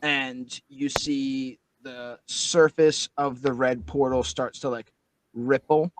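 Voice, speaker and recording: Slow, rambling male game master. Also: medium pitch, steady tone, dry recording, poor audio. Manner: loose, rambling description full of fillers. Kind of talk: narrating a tabletop game.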